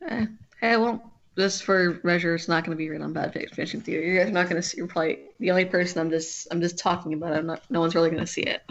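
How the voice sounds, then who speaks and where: A woman's voice: lowish voice, fairly even intonation, quick pace, creaky, muffled recording. A woman streamer chatting casually with a friend while drawing, rambling and often breaking off to restart her sentences.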